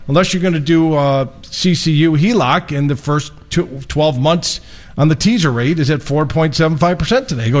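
Man, radio host, casual storytelling, plays both sides of a conversation, slightly high voice, studio. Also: a little fast. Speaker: radio show host and mortgage lender.

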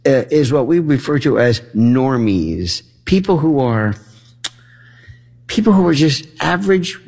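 A husky, gravelly man speaks in a loose, animated monologue. He rants and fires off rhetorical questions, and his pitch leaps up and down as he goes. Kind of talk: casual monologue, animated storytelling.

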